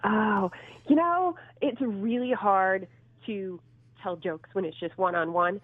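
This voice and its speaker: A woman's voice: mid-range voice, takes it slowly, no room sound. A middle-aged woman from Minnesota, a stand-up comedian chatting as a guest in a casual interview, giggly and self-teasing. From Minnesota, USA. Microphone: phone line. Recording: tinny dry phone line.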